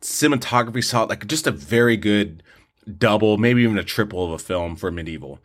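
A man's voice: fairly low pitch, expressive, a little fast, a bit bright. A man co-hosting a podcast, casually reviewing films in an opinionated, rambling way with lots of restarts. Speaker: podcast co-host, film reviewer. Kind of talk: casual movie review chat.

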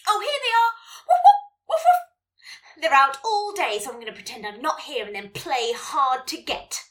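A woman reading as a playful two-year-old family dog, chatting like a diary with excited barks. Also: high-pitched, normal speed, distant mic.

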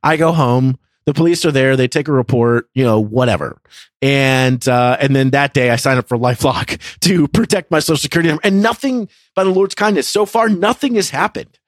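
A man in his thirties hosting a faith podcast, telling a story in a lively, laughing way. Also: mid-range voice, a little fast, dry recording, studio quality. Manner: animated, laughs through his own story. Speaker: podcast co-host. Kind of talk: casual storytelling chat.

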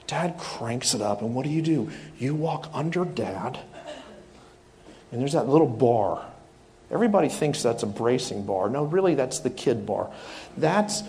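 A man's voice: mid-range voice, slight background noise. A middle-aged man preaching a sermon as a pastor, telling stories with animation and acting out the people in them. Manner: animated storytelling, acts out voices.

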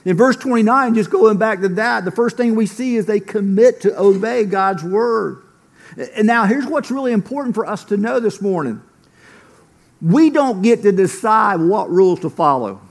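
Gravelly high-voiced man preaching. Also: animated, moderate pace. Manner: earnest storytelling, often says "man". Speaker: pastor. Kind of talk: sermon.

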